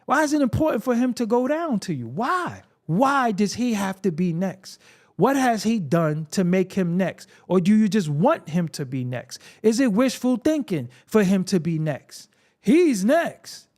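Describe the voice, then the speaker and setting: A man's voice: high voice, sing-song, moderate pace, a little mellow. A man hosting a solo hip-hop commentary show, talking bluntly and profanely, with a confrontational, preaching manner. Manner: repetitive, preaching.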